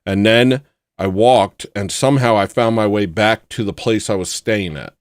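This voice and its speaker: A man hosting a livestream, telling a rambling personal story in a casual way and acting out the people in it with loud put-on voices. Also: fairly low pitch, moderate pace, no room sound, studio quality. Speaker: livestream host.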